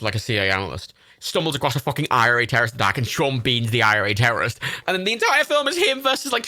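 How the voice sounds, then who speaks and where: A man's voice: mid-range voice, bright, forceful tone, no room sound, clean studio sound. Rambling, swearing young man from Ireland. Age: 20s. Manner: rambling, enthusiastic, swears freely, many fillers. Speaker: livestream host. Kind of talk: casual chat while browsing films.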